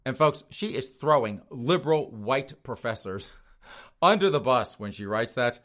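A male podcast host delivers scornful commentary from a studio, pausing often to chuckle at his own jabs. His voice sits at an ordinary middle pitch, and his tone stays sneering and mocking throughout. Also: expressive, fairly bright tone. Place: studio outside Boston.

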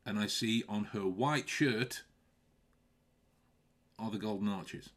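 A man's voice: on the low side, slow, a bit bright. A man hosting a casual podcast chat, often restarting and repeating words and breaking into laughs. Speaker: podcast host.

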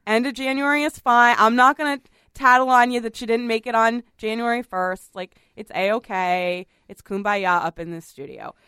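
A woman's voice: fairly high pitch, steady tone, normal speed, pushed and bright, smooth, no room sound, studio quality. A woman hosting a podcast in casual chat, talking chattily, often laughing and apologizing. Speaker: podcast host.

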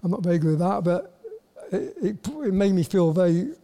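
A Welsh man in his sixties, a guest in a casual interview, talking haltingly with many repeated words and a self-deprecating manner. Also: sits high, lively intonation, warm tone. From Wales. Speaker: guest, former footballer.

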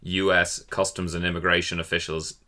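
An Irish man telling stories in casual chat, acting out flustered exchanges with lively put-on voices. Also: low voice, a little fast. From Ireland. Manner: animated storyteller, acts out flustered exchanges.

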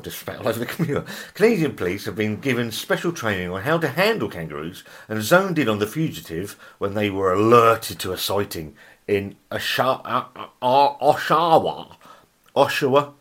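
A man reads bizarre headlines for his comedy podcast, his pitch bouncing all over the place. He trips over words, cuts in with asides and swears freely. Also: big pitch swings, fairly quick, a bit bright. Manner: reads headlines aloud, breaks off to laugh and riff; stumbles over words and apologises. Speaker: podcast host. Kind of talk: comedic news reading.

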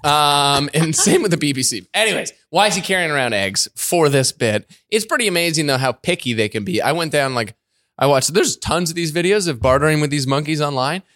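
A man hosting a podcast, chatting casually and telling animated stories, often laughing and acting out voices. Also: on the high side, a little fast, no echo, clean studio sound. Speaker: podcast host. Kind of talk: casual chat.

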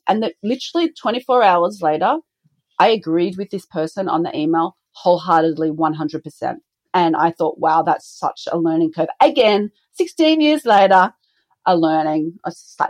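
In a dry recording, a middle-aged business co-founder with a low-leaning voice speaks at normal speed. She chats through a conversational podcast interview as an animated storyteller, giving voice to the dialogue she quotes.

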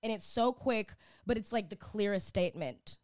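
A woman co-hosting a podcast in casual, excitable chat, often laughing and acting out quotes. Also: mid-range voice, moderate pace. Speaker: podcast co-host.

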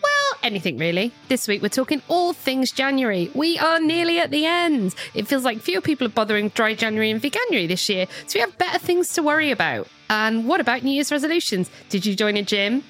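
A woman's voice: high voice, very animated, brisk, few pauses, a bit bright, faint music behind. Chatty woman hosting a podcast. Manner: chatty, jokey, laughs often. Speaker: podcast host. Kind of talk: casual chat.

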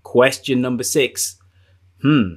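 A man's voice: mid-range voice, slow, slightly rough. A man hosting a live quiz on a video call, reading out answer options and joking with guests. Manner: jokey, reads options aloud with repetition. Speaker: quiz host.

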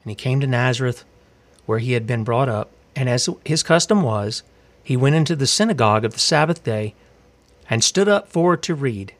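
A man's voice: medium pitch, expressive, moderate pace. A man preaching a sermon, fiery and confrontational, asking rhetorical questions and reading scripture aloud.

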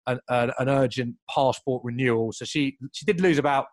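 Fast-talking guy telling a story. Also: medium pitch, no echo. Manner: animated, fast, piles up asides and restarts. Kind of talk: casual storytelling.

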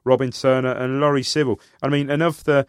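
A man co-hosting a podcast, chatting casually and excitably, often calling his partner "mate". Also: medium pitch, a little fast, clean tone, no echo, studio quality. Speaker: podcast co-host. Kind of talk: casual chat.

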